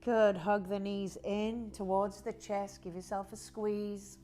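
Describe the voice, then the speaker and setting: A woman teaching a guided yoga class, talking in a slow, soothing, drawn-out way. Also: mid-range voice, level tone, dark tone, soft background music. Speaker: yoga instructor.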